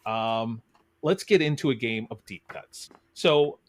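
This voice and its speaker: A man's voice: medium pitch, slow pace. A man hosting a podcast who chats casually and explains the rules of a game. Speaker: podcast host.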